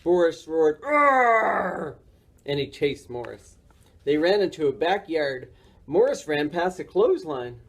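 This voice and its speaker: A woman librarian reading a picture book aloud at a children's story time, slow and expressive. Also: low voice, breathy edge.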